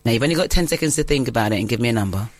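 A woman hosting a relaxed quiz round, her voice swinging up and down with plenty of bounce. She giggles often and laughs at her own slips. The sound is close and dry, with no room around it. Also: a bass voice, very fast, no echo. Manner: giggly, self-mocking. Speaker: quiz host. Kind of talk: casual podcast game hosting.

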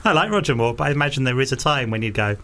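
Man musing in relaxed casual chat. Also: mid-range voice, racing, very noisy. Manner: relaxed, musing, filler-heavy.

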